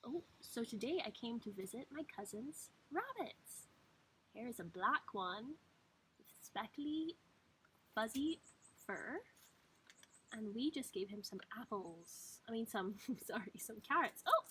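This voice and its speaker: A high-voiced woman teacher reads to little children in an unhurried, gentle way, often stopping to ask them questions. Faint background noise sits behind her. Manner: gentle, animated, lots of questions to kids. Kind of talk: reading aloud to young children.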